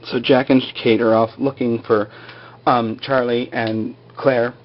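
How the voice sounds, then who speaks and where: A man at a mid-range pitch talks through a TV episode. His recap rambles, full of "like" and "um" and joking side remarks. The sound is dull and lo-fi, like a cheap home mic. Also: little pitch movement, a little slow. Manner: rambling, filler-heavy, joking asides. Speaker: video blogger recapping a TV episode. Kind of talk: casual spoken recap.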